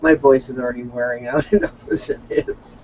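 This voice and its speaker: A man's voice: mid-range voice, lively intonation, fairly quick. A man co-hosting a comedy chat, loose and joking, swearing freely. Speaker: podcast co-host. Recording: dull lo-fi audio with faint hiss.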